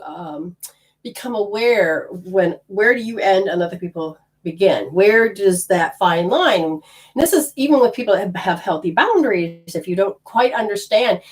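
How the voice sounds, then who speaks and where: A middle-aged woman teaching energy healing to a group in a casual, blunt way, swearing now and then. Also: mid-range voice.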